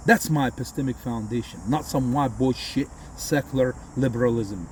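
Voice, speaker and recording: A man's voice: medium pitch, normal speed, hardly any pauses, a little hiss or hum. A man from Egypt, a sports vlogger, delivering a heated, combative and profane post-game rant.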